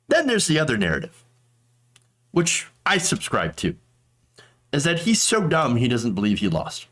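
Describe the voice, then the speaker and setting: A man's voice: on the high side, fairly bright tone. A man hosting a political commentary show, talking in a sarcastic, mocking way.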